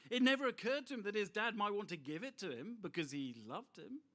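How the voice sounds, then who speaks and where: A middle-aged man preaching a sermon, expressive and full of rhetorical asides to his listeners. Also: high-pitched, brisk.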